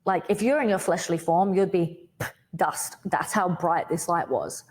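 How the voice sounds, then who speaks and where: A woman with an Australian accent telling her personal faith testimony as a podcast guest, in a vivid, dramatic storytelling way with sudden loud bursts and lots of "like". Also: lowish voice, a little slow. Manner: vivid storytelling, says "like" a lot.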